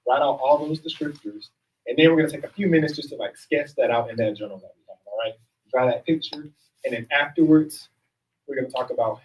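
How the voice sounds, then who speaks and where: A man's voice: medium pitch, fast talker. A man facilitating a workshop, leading a room of people through affirmations in an upbeat, encouraging, casual way. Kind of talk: leading group affirmations and exercises. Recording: picked up from a distance.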